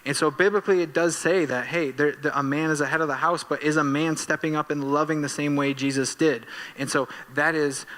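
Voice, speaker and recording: A man preaching a church sermon as pastor, animated and self-deprecating, bursting into excitement while telling stories. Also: on the high side, brisk, hardly any pauses, big-room sound. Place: church sanctuary.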